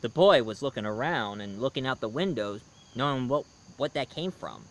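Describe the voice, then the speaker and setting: A man telling a scary story to his listeners, dramatic, swinging between loud and hushed lines. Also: mid-range voice, very animated, moderate pace. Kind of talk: spooky storytelling.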